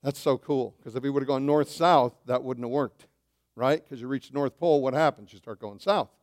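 A man preaching a sermon as pastor, animated, swinging between loud bursts and hushed asides, calling his listeners saints. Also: medium pitch, fairly quick. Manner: addresses listeners as saints, asks questions.

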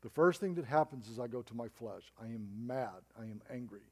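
Storytelling male preacher, mellow voice. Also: medium pitch, lively intonation, brisk. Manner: storytelling preacher with emphatic rises and drops. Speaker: pastor. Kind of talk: sermon.

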